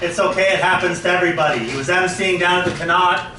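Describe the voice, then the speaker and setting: A man's voice: sits high, quick pace, bright, forceful tone. A man doing stand-up comedy at a memorial, telling crude jokes and tributes. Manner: joking, crude punchlines. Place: comedy club stage. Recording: echoey hall from far off, faint noise.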